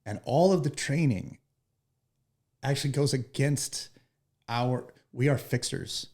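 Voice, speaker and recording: A man, a firefighter guest, telling stories in an interview in an animated, joking, profane way. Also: medium pitch, slow. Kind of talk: storytelling in a podcast interview.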